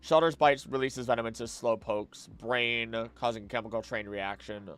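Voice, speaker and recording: A man's voice: mid-range voice, steady tone, moderate pace, fairly bright tone, clear, resonant tone. Man chatting casually on a late-night stream. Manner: thinking aloud, answering chat questions. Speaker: streamer and voice actor.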